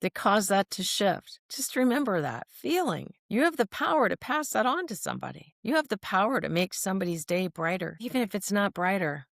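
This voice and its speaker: A woman's voice: mid-range voice, big pitch swings, brisk, vocal fry, hardly any pauses, no room sound, clean studio sound. A woman speaking on mental health, telling personal stories in an earnest, emphatic way and often checking in with her listener. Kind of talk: personal storytelling monologue.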